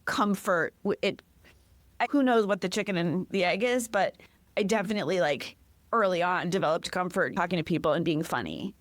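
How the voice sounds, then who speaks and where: A middle-aged woman from Massachusetts, a podcast guest, chatting in an animated, rambling way that often interrupts itself. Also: on the low side, a little fast, dry recording. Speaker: podcast guest, comedy founder. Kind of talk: casual interview chat.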